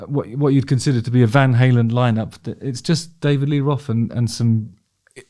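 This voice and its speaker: A man's voice: mid-range voice, mellow. Chatty man swearing through a reaction. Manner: chatty, swears freely, frequent restarts, laughs along. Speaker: music commentator reacting to concert footage. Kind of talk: casual reaction commentary.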